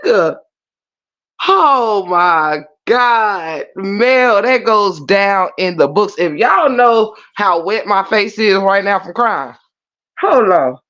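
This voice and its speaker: A woman hosting a channel, chatting casually and telling a story in a lively, vernacular way. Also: medium pitch, slow, muffled recording. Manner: animated storytelling with Black American vernacular. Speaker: channel host. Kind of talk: casual reaction commentary.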